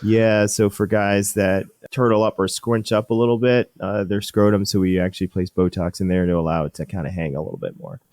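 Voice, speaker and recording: A middle-aged man speaks with a fairly low voice in a relaxed interview, eager and chatty as he tells stories from his work. He keeps restarting his sentences as he goes. The sound is dry and close, with almost no room around him. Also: no room sound. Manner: enthusiastic storyteller, laughs often, halting restarts. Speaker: urologist guest. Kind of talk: casual interview chat.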